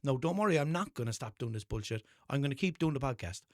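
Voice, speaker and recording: A man's voice: medium pitch, animated, fast, no echo, clean studio sound. Sweary Irish man rambling on his podcast. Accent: Limerick Irish. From Ireland. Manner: rambling, sweary, self-mocking storytelling with put-on voices. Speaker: podcast host. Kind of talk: casual solo podcast monologue.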